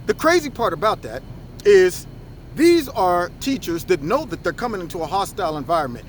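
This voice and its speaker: Brief: middle-aged man, high-pitched, fiery commentary, animated storyteller. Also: fairly quick, a little hiss or hum. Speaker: commentator and former school principal. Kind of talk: opinion commentary with acted anecdotes.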